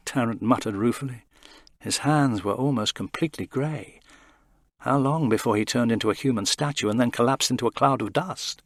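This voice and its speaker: A man narrating a science fiction audio story in an expressive, tense manner. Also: mid-range voice, a little fast, dry recording, clean studio sound.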